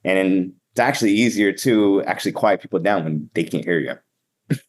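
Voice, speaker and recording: A man's voice: low-pitched, moderate pace. A man with a Boston accent, an event emcee speaking energetically and sometimes bluntly in a casual podcast interview.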